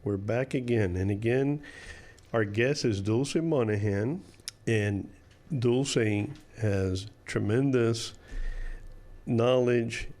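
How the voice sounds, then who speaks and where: A man's voice: medium pitch, takes it slowly, darkish tone. A man hosting a radio interview show, upbeat and encouraging toward his guest.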